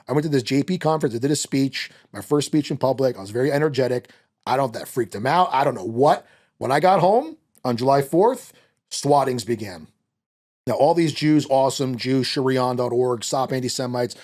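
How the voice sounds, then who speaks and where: A man talking as a podcast guest in a fast, heated, profane rant. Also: medium pitch. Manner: fast, animated, profane ranting.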